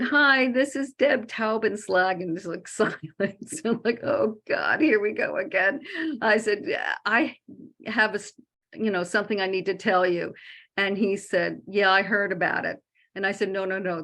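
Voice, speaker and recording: A middle-aged woman telling a personal story in a casual, animated way, acting out the dialogue. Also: medium pitch. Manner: animated, chatty, acts out quoted dialogue. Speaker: host.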